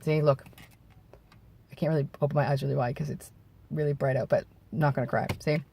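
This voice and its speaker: A male vlogger shares personal thoughts to camera outside in bright daylight, using a mid-range voice that is dark and steady in tone. It's gravelly, worn by vocal nodes, and slightly hoarse from throat clearing. His speech is reflective and halting, with restarts and self-corrections.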